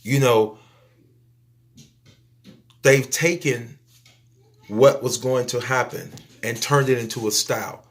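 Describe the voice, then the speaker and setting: A man delivering a spiritual preaching monologue to his viewers, emphatic and repetitive, stretching out phrases and suddenly dropping to a soft near-whisper. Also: mid-range voice, takes it slowly, long pauses. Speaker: YouTube speaker.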